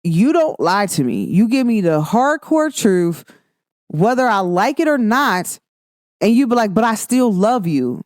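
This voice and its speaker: Animated woman podcaster, dry close sound. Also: fairly low pitch, no room sound. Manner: animated, expressive, acts out quoted lines. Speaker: podcast host. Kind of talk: casual chat.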